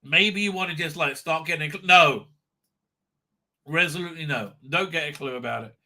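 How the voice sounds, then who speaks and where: A man hosting a live-stream commentary, talking casually with a lot of profanity and mockery, and breaking into sudden shouts. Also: on the high side, moderate pace. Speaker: livestream commentary host.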